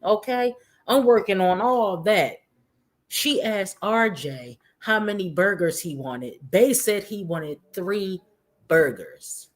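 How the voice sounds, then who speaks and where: A woman's voice: mid-range voice, animated, takes it slowly. A woman giving casual commentary to her viewers, chatty and talking straight to them. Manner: chatty, addresses viewers as guys and y'all. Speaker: commentary YouTuber.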